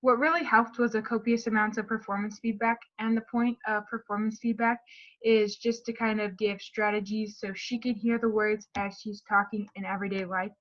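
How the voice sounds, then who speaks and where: A woman's voice: medium pitch, flat delivery, moderate pace, highs cut off. A woman presenting a speech therapy session in a recorded class talk, explaining and modeling word stress aloud.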